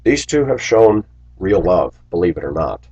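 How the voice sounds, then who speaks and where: A man's voice: low-pitched, sing-song, normal speed, a little mellow, slightly rough, dull audio. A man who drives a school bus, telling stories and preaching in a rambling, aggrieved personal monologue. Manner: preachy, aggrieved, storytelling with asides.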